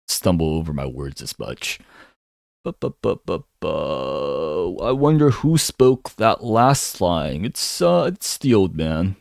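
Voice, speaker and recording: A man's voice: deep voice, vocal fry, a little mellow, dry recording, clean studio sound. A man giving a casual solo breakdown of a comic chapter. He rambles and hums filler syllables while he thinks. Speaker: manga commentator.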